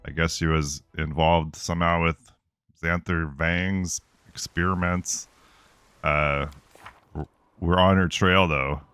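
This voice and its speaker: A man's voice: deep voice, steady tone, slow pace, fairly bright tone, clean tone, no echo. A man hosting a video game playthrough, chatting casually with fillers and reading the game's text aloud. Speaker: let's play host.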